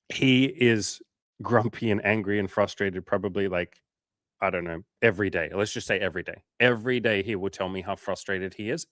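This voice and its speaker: A man's voice: fairly bright tone, dry recording, clean studio sound. A man coaching viewers on a livestream, talking bluntly and casually, swearing now and then. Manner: blunt, casual, swears, acts out quotes in higher voices.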